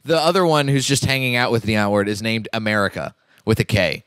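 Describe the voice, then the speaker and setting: A man's voice: fairly low pitch, fairly quick, fairly bright tone, smooth, no room sound. A man hosting a casual podcast, laid-back and dry as he recaps a story. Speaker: podcast host.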